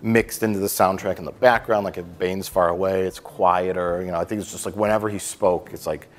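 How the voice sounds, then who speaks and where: A man hosting a casual film review chat, joking and slipping into quick impressions. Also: low-pitched, fairly even intonation, big-room sound. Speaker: film review show host.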